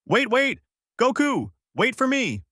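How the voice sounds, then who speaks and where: A man's voice: mid-range voice, very animated, fairly quick, a bit bright, dry recording, studio quality. A man voicing an impatient, bossy young woman adventurer in a fan-made story reading. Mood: shouting. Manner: snappy and sarcastic.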